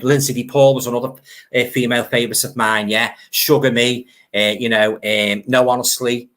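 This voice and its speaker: A man's voice: fairly low pitch, a bit bright. An older man, hosting a live stream in a chatty, nostalgic way, reading out viewer comments and laughing easily.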